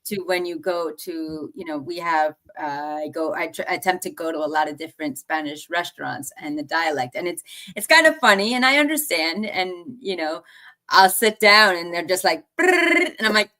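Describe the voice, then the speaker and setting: A woman born in Colombia and raised in the United States, a motivational speaker chatting as a guest and telling stories with animated bursts of laughter. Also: lowish voice, moderate pace. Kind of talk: casual interview chat.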